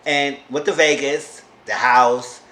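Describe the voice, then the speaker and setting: A man casually recapping a reality show episode in an animated way, often talking back to the people on it. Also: mid-range voice, slow. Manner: animated, talks back to the characters. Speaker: YouTube reality-TV reviewer. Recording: roomy echo, faint background noise.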